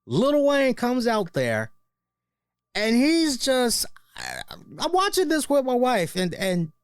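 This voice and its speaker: Animated, joking male wrestling show host. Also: very high-pitched, slow pace, smooth, no echo. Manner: animated and joking, often tags lines with "right?". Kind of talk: casual wrestling review commentary.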